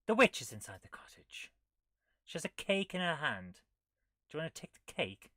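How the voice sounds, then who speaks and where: A woman with a low, very animated voice speaks at a moderate pace, her tone a bit bright, in a dry, studio-quality recording. She hosts a retro game playthrough, reading the on-screen text aloud and tossing in wry, jokey asides as casual commentary.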